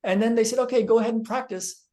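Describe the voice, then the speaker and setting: Male therapist telling a personal story on camera, lively and rambling. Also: very high voice, fast talker. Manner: animated storyteller, acting out quotes; frequent ums and restarts. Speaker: physical therapist. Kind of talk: storytelling monologue to viewers.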